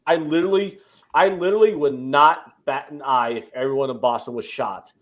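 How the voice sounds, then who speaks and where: A man's voice: mid-range voice, fairly quick, a little hiss or hum. A man from the American Midwest co-hosting a casual betting podcast, ranting emphatically and swearing often. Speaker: co-host.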